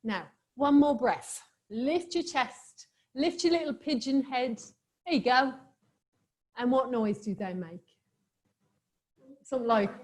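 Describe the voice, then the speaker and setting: A woman's voice: high voice, husky. A woman teaching a live online yoga class for children, giving playful, encouraging cues and laughing often over a video call.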